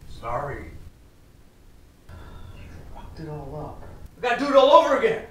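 An actor playing a touchy young roommate who is quick to take offense and slyly vengeful. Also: male voice, mid-range voice, lively intonation, natural voice. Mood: indignant. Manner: indignant, then quietly smug. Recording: roomy, distant.

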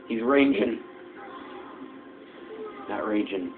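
A man's voice: deep voice, moderate pace, long pauses, soft background music. A young man giving casual, joking commentary over a video game and talking back to its characters. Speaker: gameplay commentator. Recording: tinny lo-fi mic with faint hiss.

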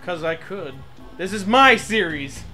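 A man's voice: high-pitched, animated, measured pace, over music. A young man telling a funny story in casual chat over gameplay, laughing through his words. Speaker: let's play co-host.

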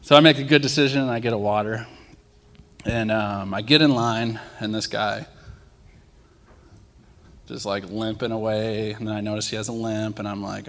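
A young man gives a casual testimony from the pulpit, acting out bits of his story as he goes. His voice sits low with a gravelly edge. The sound rings with the long reverb of a church hall. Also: moderate pace, a little hiss or hum. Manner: animated storytelling with acted-out quotes. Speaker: lay speaker sharing testimonies. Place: church sanctuary.

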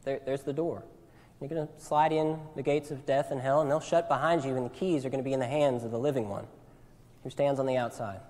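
A man's voice: mid-range voice, fairly even intonation, fairly quick. Earnest man preaching in a reverberant church. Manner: earnest, repeats phrases, swings from loud to hushed. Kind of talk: sermon. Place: church sanctuary. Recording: long church hall reverb.

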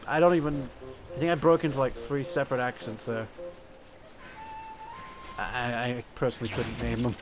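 A man giving casual gameplay commentary, self-mocking and quick to laugh at himself. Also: mid-range voice, little pitch movement, over music. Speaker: game video commentator.

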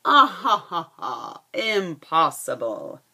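Proud growling lion, scornful and loud, storybook fable, a woman doing the voice. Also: low-pitched, huge pitch swings, takes it slowly, breathy edge, full character voice. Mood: haughty. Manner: growled, mocking laugh.

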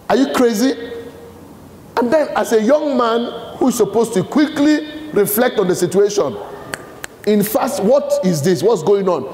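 His high, slightly mellow voice moves at normal speed with lively intonation, over a little hiss or hum. The Nigerian speaker is giving a leadership talk to a live audience in a large hall, posing fill-in-the-blank questions amid long, echoing reverb.

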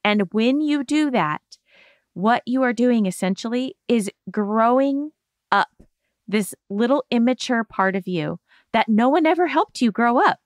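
Gentle woman coaching, dry close sound. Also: a little high, animated, a little slow, dry recording. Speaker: podcast host giving therapy advice. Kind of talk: explanatory self-help talk.

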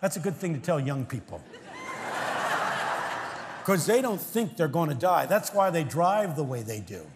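A man's voice: a little high, moderate pace, pauses often, very noisy. Older man preaching in a reverberant church. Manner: animated storytelling, acting out congregation voices, swings between hush and shouts. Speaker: guest preacher. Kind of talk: sermon. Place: large church. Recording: long reverb of a large church hall.

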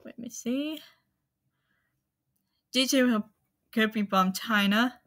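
A woman hosting her own channel, talking casually to viewers in a halting, apologetic way, with many fillers and restarts. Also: fairly high pitch, a bit bright. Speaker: anime channel host. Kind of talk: casual spoken rundown to viewers.

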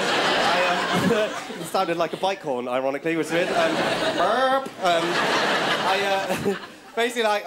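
High-voiced comic, rambling on stage. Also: male voice. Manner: rambling storytelling, keeps checking in with "right?". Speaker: stand-up comedian. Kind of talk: stand-up routine. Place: stage before a studio audience. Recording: loud audience laughter and crowd noise.

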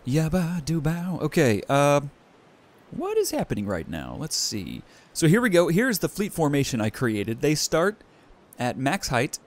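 Excitable young man narrating gameplay. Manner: enthusiastic, bursts of high excitement. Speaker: let's play host.

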